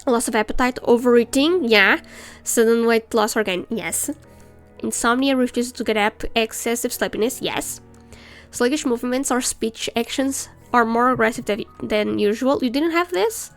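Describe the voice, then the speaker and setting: A woman streamer with a slightly high, gravelly voice, chatting and ranting as she plays. She reads the game's lines aloud between asides. Faint game music runs behind her. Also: normal speed. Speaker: let's play streamer. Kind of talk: casual game commentary.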